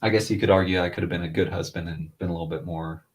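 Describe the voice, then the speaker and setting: In a low, steady, rapid-fire voice, a man in his thirties, a father and podcast co-host, tells a long rambling story in relaxed chat, raising his voice to mimic the people he quotes.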